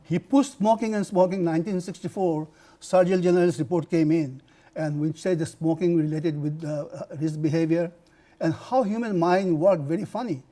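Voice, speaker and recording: An older man from India giving a university lecture on health, telling personal stories in an animated way, with many restarts. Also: on the high side, moderate pace. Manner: animated storytelling with frequent laughs and restarts.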